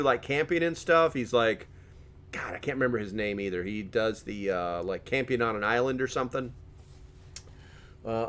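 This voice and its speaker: A middle-aged man hosting a live stream in casual chat, joking as he reads viewer comments aloud and often laughing. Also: lowish voice.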